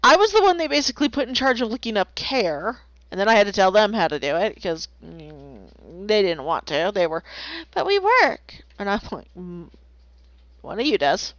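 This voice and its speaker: A woman's voice: medium pitch, animated, a little fast, fairly bright tone, no echo. A woman streaming while she draws, chatting casually and playfully, rambling and making silly noises. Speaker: streamer drawing commissions. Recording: slightly dull lo-fi, dry.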